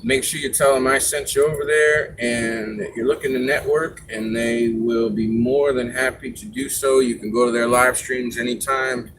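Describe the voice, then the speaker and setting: A man's voice: medium pitch, moderate pace, vocal fry, hardly any pauses, background noise. Chatty man hosting a live stream. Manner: chatty, rambling, gives advice with fillers. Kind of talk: casual live stream talk.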